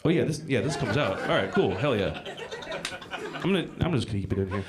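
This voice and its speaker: A middle-aged man doing a live stand-up set in a small comedy club, talking with bursts of loud emphasis. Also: mid-range voice, expressive, quick pace. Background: audience laughter.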